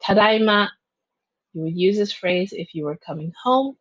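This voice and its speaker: A woman teacher giving a slow, clear recorded vocabulary review, pausing between each word and its translation. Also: mid-range voice, expressive, dry recording. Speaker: Japanese teacher. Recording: dull, muffled lo-fi sound.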